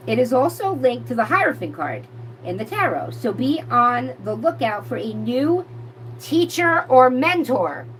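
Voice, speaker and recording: A woman giving a live tarot reading, reading cards aloud and breaking off into excited, profane outbursts. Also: a little high, normal speed, a little hiss or hum, rough recording. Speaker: tarot reader.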